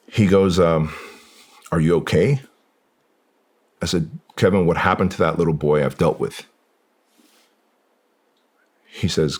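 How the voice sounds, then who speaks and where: A man's voice: extremely low pitch, slightly rough. A man in his forties, a guest on a podcast, telling a painful personal story in an earnest, raw, conversational way. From Armenia.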